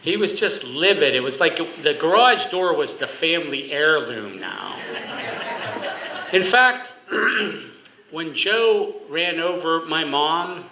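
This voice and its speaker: A man's voice: fairly high pitch, slow, vocal fry, echoey room, slight background noise, poor audio. Man telling jokes at a roast. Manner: storytelling with comic timing and deadpan asides. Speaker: judge giving a roast speech. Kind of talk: humorous roast speech.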